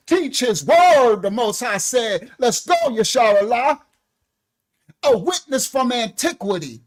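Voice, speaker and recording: Male bible teacher on a livestream, energetic, breaks into exclamations and loose colloquial asides. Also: very high-pitched, measured pace. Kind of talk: livestreamed scripture lesson. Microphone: own microphone.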